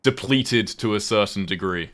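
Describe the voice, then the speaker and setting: A man's voice: on the low side, moderate pace, a bit bright. A British man chatting casually on a livestream while gaming, rambling, swearing offhand and thanking viewers. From United Kingdom.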